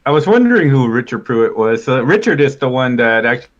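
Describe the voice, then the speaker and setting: Man hosting, halting and laughing. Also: mid-range voice, sing-song, muffled recording. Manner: halting, many fillers and laughs. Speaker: podcast host. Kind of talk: casual live-stream chat.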